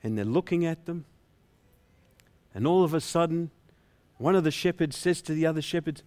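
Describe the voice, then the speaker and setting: A man's voice: on the high side, lively intonation, normal speed, long pauses, darkish tone. A male pastor preaching a sermon in a playful storytelling way, acting out the shepherds' dialogue.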